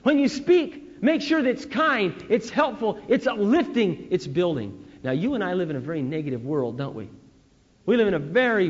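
A man preaching a sermon, telling stories in an animated way that swings from loud to hushed. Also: sits high. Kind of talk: sermon on parenting. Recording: dull lo-fi recording with long hall reverb.

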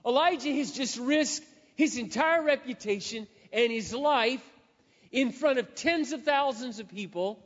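A high-voiced man delivers a sermon at a measured pace, expressively dramatizing a scripture story and dropping from loud passages into hushed asides. A long hall echo surrounds his voice, and the recording sounds dull and lo-fi.

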